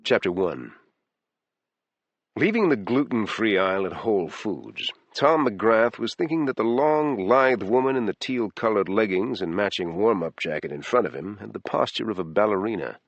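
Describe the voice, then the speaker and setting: A man narrates a thriller audiobook in a taut, dramatic way. His low, husky voice moves a lot in pitch. The sound is dry and close to the mic. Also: expressive, moderate pace, dry recording, dull audio.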